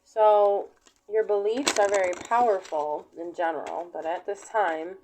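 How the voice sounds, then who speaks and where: A woman giving a casual collective tarot reading to camera, talking in an unhurried, rambling way with many fillers. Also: medium pitch, fairly even intonation, background noise. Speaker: tarot reader.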